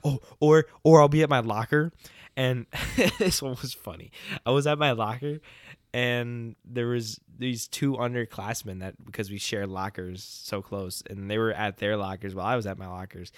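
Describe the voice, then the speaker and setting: Animated young man, laughing storyteller. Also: medium pitch, normal speed, no echo, studio quality. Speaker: podcast co-host. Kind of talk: casual chat. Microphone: podcast mic.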